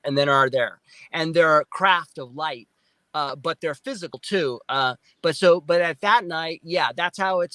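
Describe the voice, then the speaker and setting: A man telling a story as a guest, excitable and animated, acting out sounds and quoting himself. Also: on the high side, dry recording. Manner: excitable, acts out sounds and quotes.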